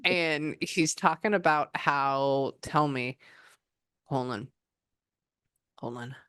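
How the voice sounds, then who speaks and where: A woman's voice: a bass voice, slow, fairly bright tone, clear, resonant tone, no room sound, clean studio sound. A woman psychic medium giving a casual reading, thinking aloud and exclaiming often.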